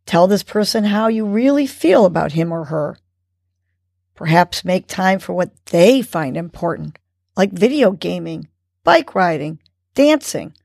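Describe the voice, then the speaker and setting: A woman hosting a morning mindfulness segment, calmly and encouragingly guiding a breathing lesson for kids. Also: on the low side, vocal fry, no room sound, studio quality. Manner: calm, slow, encouraging instruction.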